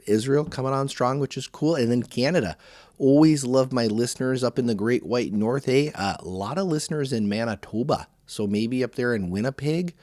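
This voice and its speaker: A man's voice: on the low side, darkish tone, no room sound, studio quality. A man from the United States hosting a podcast in a folksy, chatty, casual monologue. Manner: folksy and chatty, says y'all. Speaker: podcast host.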